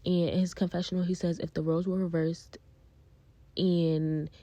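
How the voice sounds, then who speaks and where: A woman's voice: lowish voice, little pitch movement, normal speed, warm tone, no room sound. A woman casually recapping a reality show, chatty and blunt with her opinions. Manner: chatty, blunt opinions, acts out cast quotes. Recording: dull lo-fi sound.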